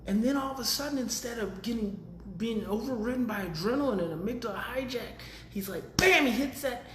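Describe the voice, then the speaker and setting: A man hosting a daily live video on parenting, talking casually and swinging from calm, low explanation to loud, emphatic passages. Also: brisk, echoey room, slight background noise. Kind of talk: casual live-stream teaching.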